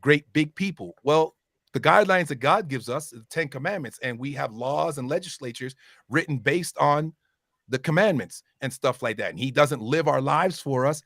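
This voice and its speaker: A man hosting a casual chat, animated and swearing freely, with loud bursts when he gets worked up. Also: fairly high pitch, moderate pace, no room sound, clean studio sound.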